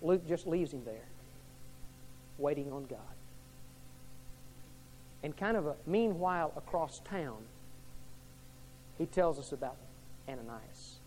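A man preaching a sermon as pastor, swinging from hushed to loud and repeating his questions to the congregation. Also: fairly high pitch, animated, slow pace, long pauses.

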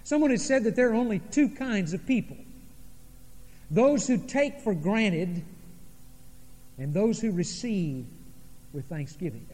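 Brief: male pastor, high voice, dramatic sermon delivery, long church reverb. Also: animated, darkish tone. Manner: dramatic preaching, pauses and sudden drops in volume. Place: church sanctuary.

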